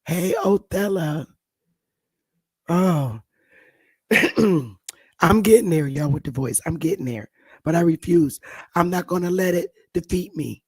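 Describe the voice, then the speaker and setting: A woman hosting a casual livestream, hoarse while her voice recovers, talking softly and greeting viewers by name. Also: on the low side, slow pace, long pauses, no echo. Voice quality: gravelly, husky. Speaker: livestream host.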